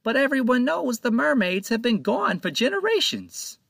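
A man voicing a nervous, cowardly young sailor with a high, panicky voice, in a storybook reading. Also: big pitch swings, moderate pace, gravelly, fairly bright tone, no room sound, studio quality, full character voice. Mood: arguing. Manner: shrill panicky.

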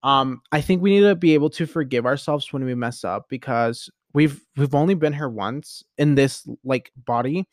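A man hosting a podcast, talking alone in a rambling, chatty and expressive way. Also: mid-range voice, moderate pace, few pauses, no room sound, clean studio sound. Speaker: podcast host. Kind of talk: casual solo monologue.

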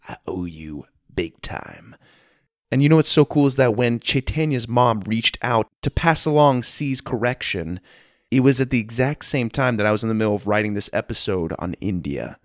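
Man, kids' podcast host, storybook narration, upbeat, animated, dry close sound. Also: mid-range voice, no room sound. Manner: upbeat and friendly, shouting out listeners.

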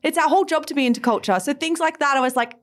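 A woman in her twenties chatting casually in a book club, animated and opinionated. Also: high voice, very fast. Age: 20s. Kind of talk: casual chat.

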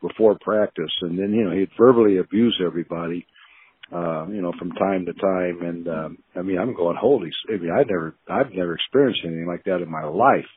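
A man's voice: low voice, a little fast, slightly rough. An older man, a former football player, telling stories with many fillers and chuckles. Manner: rambling, many fillers, laughs while recalling. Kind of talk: storytelling interview. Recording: tinny phone line.

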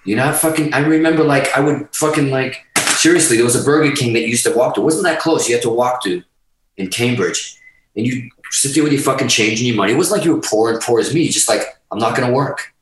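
A man's voice: mid-range voice, fast, far from the mic, a little hiss or hum. A middle-aged man, telling a story in casual talk, swearing constantly and emphatically, getting emotional. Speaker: podcast guest. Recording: roomy, from off the mic.

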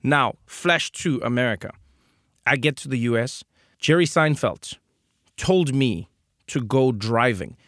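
A man's voice: mid-range voice, measured pace, no room sound, clean studio sound. A man from South Africa hosting a podcast, telling a story in casual chat and acting out the people in it. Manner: animated, acts out voices in anecdotes. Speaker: podcast host.

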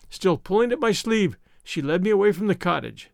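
A man narrating a story in the first person with an expressive, theatrical delivery. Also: high voice, a little fast, vocal fry, few pauses, no echo, studio quality. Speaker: audiobook narrator.

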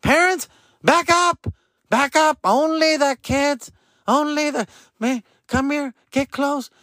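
A man voicing a frantic, bossy school gate staffer, barking shrill orders at parents. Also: takes it slowly, bright, forceful tone, dry recording, studio quality, heavily acted. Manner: shrill barked orders, jittery.

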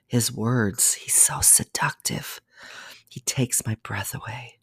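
A breathy, hushed storyteller in a whispered role-play reading that keeps slipping into an unvoiced whisper. The pitch sits in the middle, and the sound is close and dry. Small slips and restarts mark the narration. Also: slow, dry recording. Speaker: podcast storyteller.

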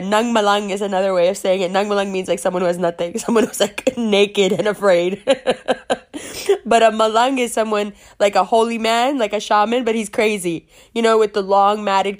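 Candid woman telling an emotional story. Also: medium pitch. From Pakistan. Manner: candid, swears freely, laughs through tears.

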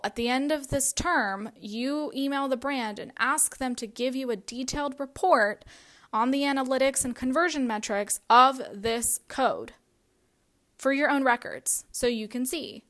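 A woman's voice: high-pitched, normal speed, fairly bright tone. A woman hosting a podcast, giving advice in a casual, conversational way with lots of fillers. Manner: casual, conversational, frequent "like" and "you know". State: has the hiccups. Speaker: podcast host. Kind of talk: solo podcast advice talk.

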